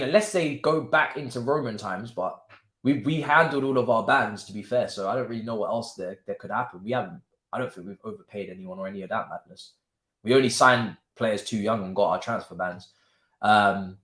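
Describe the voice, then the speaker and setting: Chatty man in an echoey room. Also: medium pitch. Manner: chatty and joking, heavy on slang, with frequent restarts. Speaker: football watchalong host. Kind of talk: casual live-stream chat and match commentary. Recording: roomy echo.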